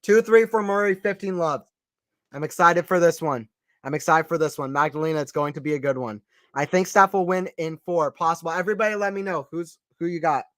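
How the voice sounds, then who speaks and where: A man giving casual live play-by-play tennis commentary for a stream, chatty and excitable, often repeating himself and answering viewers. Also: on the high side, a little fast, no room sound. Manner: excited, chatty, repeats phrases, reads out chat.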